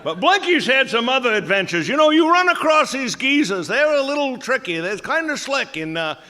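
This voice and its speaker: A man's voice: very high voice, big pitch swings, normal speed, sharp tone. A man with a Maine accent telling a comic folk story in a dry, drawling way, full of local sayings. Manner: dry, folksy, drawling delivery. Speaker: humorist storyteller.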